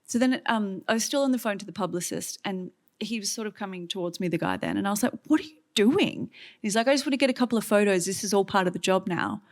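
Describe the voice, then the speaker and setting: Australian woman, thirties, stage conversation, lively storyteller, mid pitch. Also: fast. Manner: animated storytelling with many likes and acted-out quotes. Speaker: guest author. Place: stage event before an audience.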